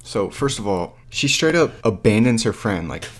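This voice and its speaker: Young guy ranting at his camera, lowish voice, swears a ton, totally fed up. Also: normal speed. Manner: profane, exasperated, animated. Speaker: vlogger. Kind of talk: casual movie review rant. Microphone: camera mic.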